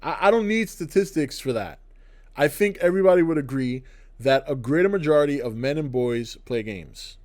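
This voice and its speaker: A man's voice: a little high, animated, normal speed, a little mellow. Blunt ranting middle-aged man. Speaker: channel host. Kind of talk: opinionated video commentary. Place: indoors, to camera.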